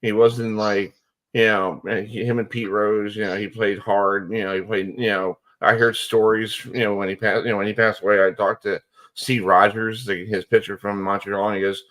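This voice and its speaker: A man hosting a sports radio show, chatting casually and telling stories in a rambling, excitable way with lots of fillers. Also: fairly low pitch, moderate pace.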